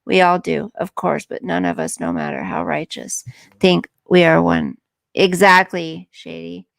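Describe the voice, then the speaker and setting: A woman's voice: on the low side, level tone, measured pace, vocal fry. A woman hosting a live stream, chatting earnestly and emotionally with viewers and reading their comments.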